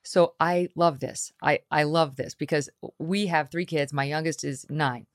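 A middle-aged woman hosting a podcast interview, telling animated stories and putting on voices when she quotes people. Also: low voice, unhurried, no room sound, clean studio sound. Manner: animated storytelling, acts out voices when quoting. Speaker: podcast host. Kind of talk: conversational interview.

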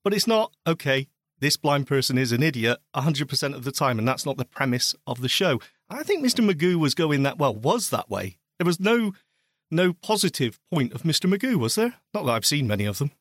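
Man, podcast co-host, wry argumentative chat, slightly high voice, lively pitch, dry sound. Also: brisk, no room sound. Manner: wry, argumentative, self-deprecating. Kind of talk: casual chat.

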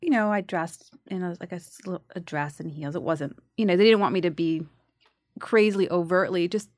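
Animated woman telling a story. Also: fairly low pitch, fairly quick, no room sound, studio quality. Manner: animated, acts out quotes. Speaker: guest. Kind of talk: casual storytelling chat.

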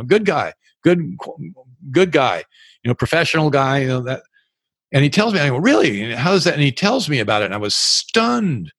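A man's voice: medium pitch, fairly bright tone, no echo, studio quality. An older man speaking as a recovery speaker and sponsor, telling stories frankly and plainly during a live Q and A talk. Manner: frank, plain-spoken storytelling. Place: live event.

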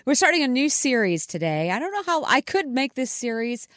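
A woman's voice: high-pitched, very animated, fairly quick, fairly bright tone, dry recording, studio quality. A woman co-hosting a casual radio chat, rambling with asides and laughing easily. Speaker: podcast co-host. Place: radio studio.

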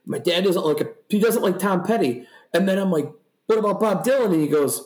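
A man's voice: high voice, brisk. A young man co-hosting a podcast, rambling and swearing as he tells stories in a casual chat. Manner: rambling, profane, animated storytelling. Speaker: podcast co-host. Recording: echoey room.

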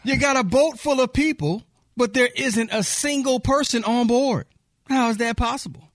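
A man's voice: very high voice, moderate pace, no room sound, clean studio sound. A man co-hosting a morning radio show, telling a riddle and laughing at it himself. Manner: shouts, laughs at his own jokes. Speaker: radio co-host. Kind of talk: telling jokes on air.

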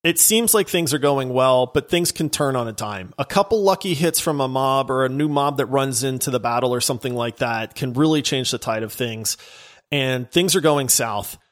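A man co-hosting a gaming podcast, telling stories from play sessions in a lively, animated way. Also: medium pitch, moderate pace. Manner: animated storytelling, bursts of shouting when reliving wins. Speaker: podcast co-host. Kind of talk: casual gaming podcast chat.

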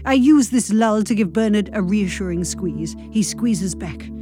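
Lively, wry British woman narrator. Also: mid-range voice, music in the background. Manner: wry, brisk, expressive, deadpan asides. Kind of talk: reading a comic novel aloud.

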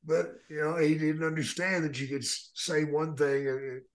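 A man's voice: on the high side, steady tone, moderate pace, a little hiss or hum. A man, a guest telling laid-back stories in a casual interview, laughing now and then. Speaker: guest, retired wrestler.

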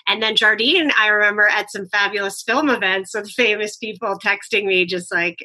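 A woman guest author telling lively anecdotes in a podcast conversation. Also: medium pitch, normal speed, few pauses. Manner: lively anecdotes, laughs often. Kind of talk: storytelling conversation.

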